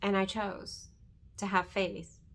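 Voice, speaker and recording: A woman's voice: medium pitch, little pitch movement, takes it slowly, fairly bright tone. A middle-aged woman earnestly talking about her faith and fear, often checking in with "right?". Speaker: host. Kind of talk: faith-centered personal testimony.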